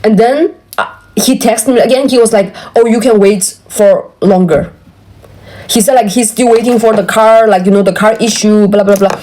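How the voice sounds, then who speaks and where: A woman whose first language is Tibetan rants to a friend over the phone. Her voice sits slightly high and she keeps circling back, exasperated, padding her story with fillers. It plays as unscripted, casual chat. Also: a little fast, poor audio. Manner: animated, exasperated venting with many fillers. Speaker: vlogger. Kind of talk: venting on a phone call.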